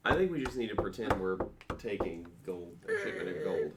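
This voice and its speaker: A man's voice: on the low side, big pitch swings, fairly quick. A man playing a tabletop game, tentatively suggesting plans to the group. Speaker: player. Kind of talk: casual play chat. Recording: noisy background.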